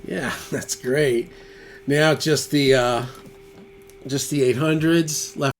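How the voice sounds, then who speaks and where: A man's voice: a little high, steady tone, slow pace. A man casually talking through a guitar tone demo, thinking aloud and trailing off as he adjusts settings. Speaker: guitarist demonstrating gear. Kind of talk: casual studio demo talk. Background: loud electric guitar playback.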